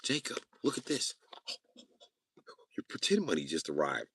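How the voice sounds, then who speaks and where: A man's voice: extremely low pitch, huge pitch swings, moderate pace, gravelly, fairly bright tone, slightly rough, dry recording. A man chatting casually on his live stream, joking and cursing freely. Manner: crude, profane, joking. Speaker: livestreamer.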